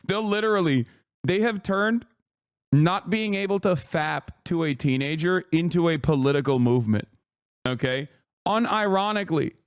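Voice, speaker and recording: A man on a livestream reacting to videos, his voice pitched high and recorded dry with no room sound. He talks in an animated, profane, mocking rant, jumping between jokes and outrage. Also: clear, resonant tone, no room sound. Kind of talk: casual livestream reaction commentary.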